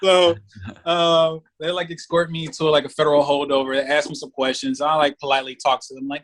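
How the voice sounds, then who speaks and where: A man's voice: mid-range voice, fast talker. A man as a podcast guest, telling a story in casual, profane talk and acting out the voices of the people in it. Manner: profane, animated, acts out voices in anecdotes.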